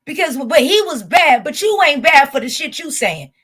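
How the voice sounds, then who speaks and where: A woman's voice: sits high, sing-song, moderate pace, fairly bright tone. A woman YouTube host with a Southern US accent, ranting bluntly and profanely to her viewers. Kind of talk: casual reaction rant to camera.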